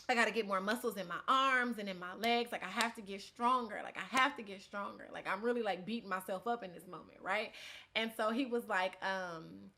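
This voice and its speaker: A woman in her thirties telling an animated story, laughing often and swinging from quiet asides to loud outbursts. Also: mid-range voice. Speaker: interviewee.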